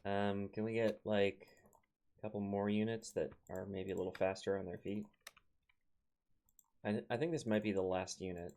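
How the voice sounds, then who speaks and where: A man's voice: lowish voice, steady tone, moderate pace, pauses often, a little mellow. A young man with a Minnesotan accent, chatting casually as he plays a strategy game and talks to his units. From Minnesota, United States. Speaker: let's play host. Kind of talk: casual gameplay commentary.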